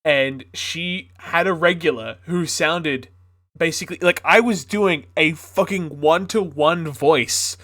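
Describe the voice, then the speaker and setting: A man's voice: a little high, takes it slowly, fairly bright tone, dry recording. A man streaming from home who chats casually and laughs at his own jokes, with a non-American English accent, into a streaming mic. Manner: laughing, chatty, self-amused. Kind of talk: casual chat.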